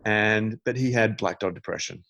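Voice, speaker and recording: A man's voice: lowish voice, normal speed, gravelly, pushed and bright, no room sound. A man in his forties, a meditation teacher, telling a candid, reflective story as a podcast guest, with frequent restarts. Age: 40s.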